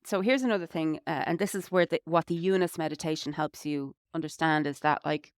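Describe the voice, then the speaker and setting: A woman's voice: low voice, a little fast, clear, resonant tone, dry recording, studio quality. An Irish woman co-hosting a podcast, talking reflectively in casual conversation with lots of "you know"s. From Ireland. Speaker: podcast co-host.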